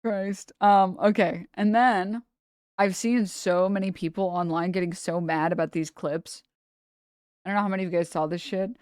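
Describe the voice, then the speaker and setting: A woman's voice: lowish voice, fairly even intonation, moderate pace, darkish tone, smooth, no room sound. Irreverent young woman streamer, dry sound. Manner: irreverent, profane banter with slang. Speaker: streamer host. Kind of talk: casual live-stream chat.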